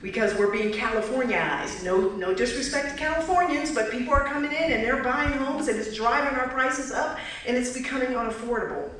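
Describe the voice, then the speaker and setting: A woman's voice: high voice, a little fast, few pauses, fairly bright tone. A woman giving a direct campaign speech at a candidate forum, putting questions to the audience. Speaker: political candidate. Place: community hall. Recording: echoey hall, mic from far off, faint noise.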